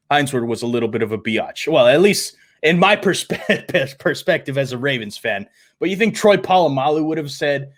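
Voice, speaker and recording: High-voiced man ranting about football. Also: fairly bright tone. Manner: exasperated, emphatic, repeats points. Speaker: podcast host. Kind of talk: sports fan reaction rant.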